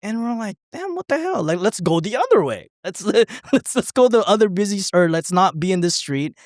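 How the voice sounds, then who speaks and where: A man's voice: sits high, animated, normal speed, dry recording, clean studio sound. A man co-hosting a podcast, telling a rambling story in casual chat, swearing, laughing and acting out what people said. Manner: rambling, profane, laughing, acts out quotes. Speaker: podcast co-host.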